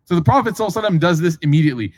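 Relaxed man telling a sermon story. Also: a little high, rapid-fire. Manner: casual, acts out dialogue, asks the audience questions. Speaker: Islamic preacher.

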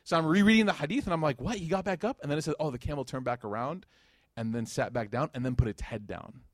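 Fast-talking man telling a lively religious story. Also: mid-range voice, no room sound, clean studio sound. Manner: animated storytelling with voices and jokes. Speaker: preacher. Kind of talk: casual Islamic lecture.

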